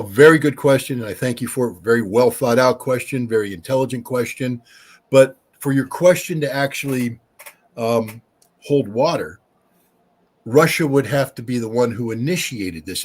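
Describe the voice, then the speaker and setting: A man's voice: medium pitch, slightly rough. An American man, a guest expert on a podcast, answering questions bluntly and emphatically at length. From United States.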